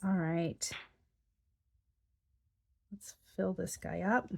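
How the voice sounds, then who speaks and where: Brief: woman craft host, lowish voice, relaxed chatty walkthrough at her table. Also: very slow, vocal fry, slight background noise. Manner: chatty, thinks aloud while working. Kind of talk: casual craft tutorial.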